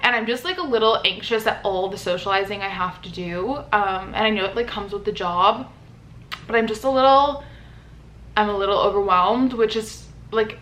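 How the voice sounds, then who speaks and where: A young woman talks openly to her camera in a casual vlog, her voice sitting at an ordinary middle pitch. She rambles in a chatty, personal way, leaning on "like" between thoughts. Faint city noise drifts in behind her. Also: fairly bright tone. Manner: chatty, many "like" fillers, open and personal. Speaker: vlogger. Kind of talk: candid vlog talk to camera.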